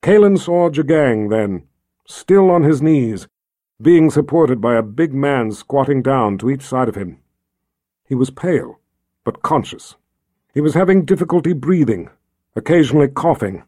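A man reading a fantasy novel aloud in a steady, measured narration. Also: mid-range voice, dry recording, studio quality. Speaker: audiobook narrator.

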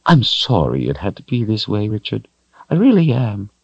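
A man's voice: fairly low pitch, wildly swooping pitch, moderate pace, vocal fry, slightly rough, no room sound, muffled recording, full character voice. A man doing a silky, menacing tyrant sorcerer. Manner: silky, mocking, softly menacing. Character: cold, smug, menacing male tyrant sorcerer.

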